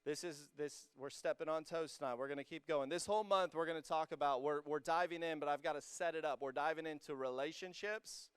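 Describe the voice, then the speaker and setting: A young male youth pastor preaching a lively sermon to students. His voice is slightly high and very clear, close and dry on the mic, and he swings from joking asides to emphatic, rising peaks. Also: a little fast, few pauses, dry recording. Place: church hall with a student congregation.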